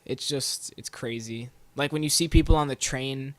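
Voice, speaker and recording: A man's voice: medium pitch, moderate pace, dry recording. A young adult man hosting a podcast, ranting casually in a profane, rambling way and saying "like" constantly. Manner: profane, rambling, heavy use of "like". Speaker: podcast host. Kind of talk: casual solo rant.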